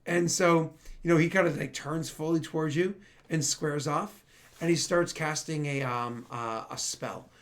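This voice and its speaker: A man's voice: fairly high pitch, unhurried, a bit bright. Rambling man running a tabletop game. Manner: rambling with many fillers. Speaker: game master.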